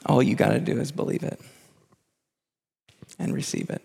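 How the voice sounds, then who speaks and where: Impassioned preaching man, gravelly. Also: mid-range voice, moderate pace, big-room sound. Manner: impassioned preaching, rising to near-shouts at the climax. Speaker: pastor. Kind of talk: sermon.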